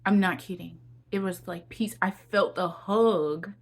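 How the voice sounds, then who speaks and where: A woman's voice: fairly low pitch, unhurried, husky. A young woman giving a heartfelt personal testimony and encouragement to viewers, often repeating her phrases and calling them y'all. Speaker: Christian encouragement vlogger.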